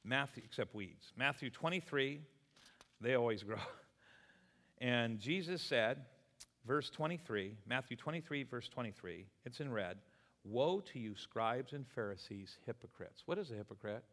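A pastor with a medium-pitched voice preaches at normal speed in a church sanctuary, where the recording carries a long hall reverb. He's an animated storyteller, recounting anecdotes and acting out the voices of the people in them.

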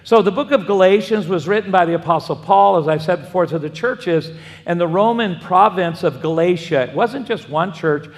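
A man's voice: high voice, moderate pace. A man, a pastor, preaching a sermon and wandering into folksy personal stories with frequent restarts. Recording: long hall reverb.

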